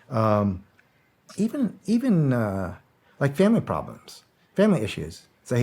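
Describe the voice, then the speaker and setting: A man's voice: mid-range voice, wildly swooping pitch, moderate pace, darkish tone. A middle-aged man and former soldier telling stories as a guest in a casual interview, rambling, repeating himself and swearing freely. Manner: rambling, repeats words, swears freely, acts out quoted dialogue.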